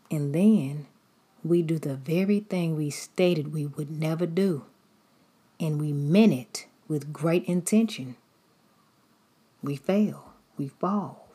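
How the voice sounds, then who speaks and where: A woman's voice: low-pitched, mellow, slightly rough. A woman preacher giving a sermon in a repetitive, rhythmic cadence.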